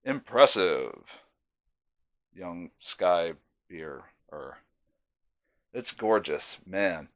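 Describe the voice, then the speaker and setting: A man's voice: sits low, animated, drawn-out words, long pauses. A man casually reviewing a beer on camera, chatty and self-deprecating, with savoring asides.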